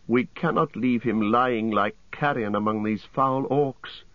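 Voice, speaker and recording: A man's voice: mid-range voice, a little slow, no room sound, highs cut off, voice pushed up, natural voice. A man voicing a grieving male elf archer, speaking in an earnest, solemn way. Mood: resolute.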